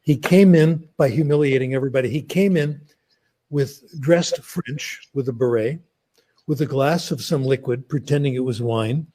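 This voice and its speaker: Mellow, husky older man telling anecdotes. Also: mid-range voice, moderate pace. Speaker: guest speaker. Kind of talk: conversational academic storytelling.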